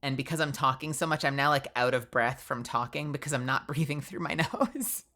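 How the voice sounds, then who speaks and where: A woman's voice: very deep voice, fairly quick. A young woman streaming as a VTuber, chatting casually and rambling with lots of "like", her nose stuffy. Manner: chatty, rambling, animated, fillers of "like".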